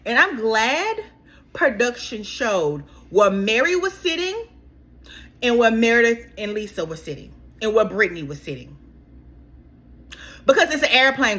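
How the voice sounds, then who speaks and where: Lively high-voiced woman recapping reality TV. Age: adult. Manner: animated, exasperated, talks straight to the cast, keeps saying girl. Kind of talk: casual reality show recap.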